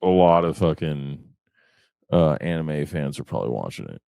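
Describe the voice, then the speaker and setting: A man's voice: rumbling low, sing-song, moderate pace, gravelly, darkish tone, clear, resonant tone, no room sound. A man co-hosting a podcast in casual chat, laid-back and teasing, laughing often. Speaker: podcast co-host.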